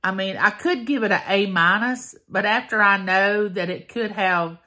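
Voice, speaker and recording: A woman's voice: medium pitch, moderate pace, pushed and bright. A woman, chatting folksily to her viewers in a casual taste-test vlog. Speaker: vlogger.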